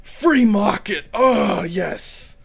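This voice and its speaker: A slow, gravelly male pundit moans and drags out each short phrase, as a man puts him on. The voice rasps and lingers on every word. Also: high voice, pitched above the performer's own voice, full character voice. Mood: moaning. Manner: breathy moaning, repeated phrases. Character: male pundit parody, moaning in climax.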